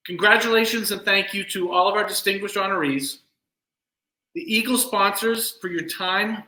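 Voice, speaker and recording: A man serving as master of ceremonies, giving earnest, measured formal closing remarks at a virtual event. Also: high voice, sharp tone, echoey room, rough recording. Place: home room, virtual event.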